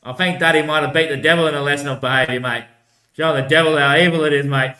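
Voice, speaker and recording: A man's voice: a little high, steady tone, quick pace, pushed and bright, echoey room. A man talking in a loose, drifting solo monologue, repeating himself and tossing in "mate" often. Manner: repetitive, keeps saying "mate" and "bloody hell"; loose, drifting talk with frequent laughs. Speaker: vlogger.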